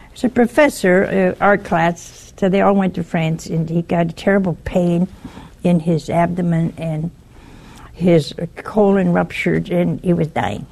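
A woman speaks slowly in a low, gravelly voice with a husky edge. She delivers an informal religious talk on a broadcast network. She is earnest and warning, and she walks through a story one step at a time. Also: darkish tone.

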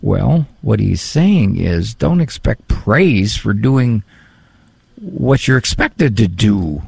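A man who is a psychologist, giving a casual talk on parenting and faith, animated and fond of mimicking voices for humor. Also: on the low side, slow pace, vocal fry, husky, no echo. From Italian heritage.

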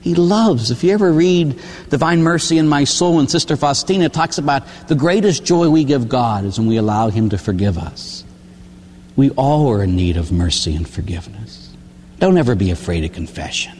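An older man, a priest, preaching a sermon with animated storytelling, acting out the people he talks about. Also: mid-range voice, moderate pace. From Pittsburgh area, USA. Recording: long hall reverb.

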